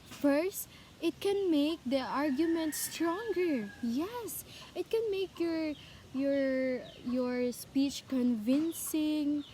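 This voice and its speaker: A woman's voice: high-pitched, warm tone, slight background noise. A young adult woman teacher with a Cebuano accent, giving an online class lecture and often repeating herself and quizzing the class. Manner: repetitive, self-correcting, asks the class questions.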